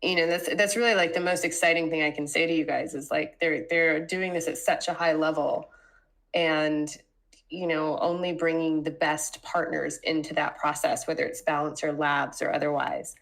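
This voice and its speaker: Podcast host, woman, deep bright voice, hedging filler-heavy talk. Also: fairly even intonation, normal speed, gravelly. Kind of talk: casual podcast chat.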